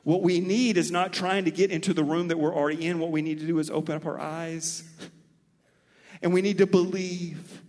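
A man from Mobile, Alabama with a Southern accent, preaching a sermon as pastor with animated, folksy storytelling. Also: on the high side, long reverb tail.

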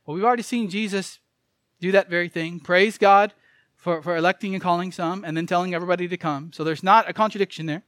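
Quick and a little bright, a high-voiced man preaches earnestly, driving home every point and circling back to key phrases. His audio sounds close and dry, with no echo from the room.

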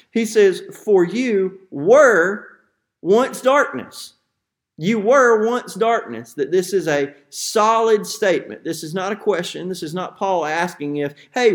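A man preaching a sermon, earnest and emphatic, with frequent fillers and restarts. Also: on the high side. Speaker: pastor.

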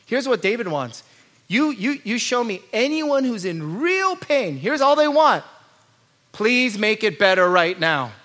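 A male pastor preaching with a high, bright voice. He drops into low, quiet asides, then climbs into loud, urgent pleading. He asks question after question and stacks repeated lines. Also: sing-song, unhurried. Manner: rhetorical questions and repeated lists. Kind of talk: sermon.

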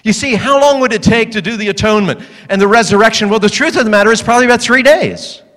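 A pastor delivering a humorous sermon to a congregation, animated and joking, acting out the voices in his stories. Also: high voice, quick pace, big-room sound.

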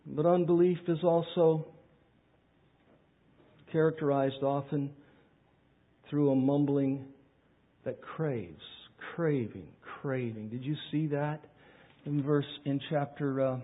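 A pastor preaching a sermon, swinging from loud pleading questions to quiet asides. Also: male voice, fairly high pitch, slow pace, long pauses. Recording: tinny phone-like sound.

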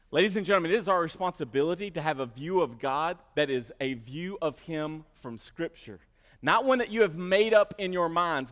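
A male pastor preaching a sermon, who swings between quiet asides and loud emphasis and often repeats words as he starts a phrase. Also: a little high. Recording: long hall reverb.

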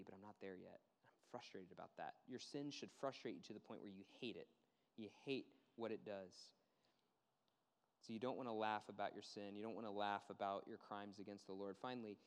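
A man preaching a sermon, earnest and emphatic, repeating words and dropping low and quiet to stress a point. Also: clear, resonant tone. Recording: long hall reverb.

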